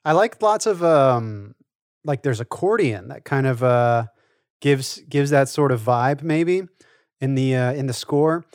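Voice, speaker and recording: A man's voice: mid-range voice, expressive, measured pace, a little mellow, no room sound, studio quality. A man co-hosting a podcast, thinking aloud in rambling casual chat. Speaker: podcast co-host.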